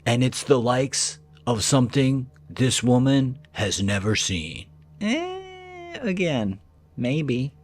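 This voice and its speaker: A man's voice: slow, hardly any pauses. A man hosting a spooky-footage channel, mixing casual reactions with storytelling narration. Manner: casual, musing delivery with lively pitch swings.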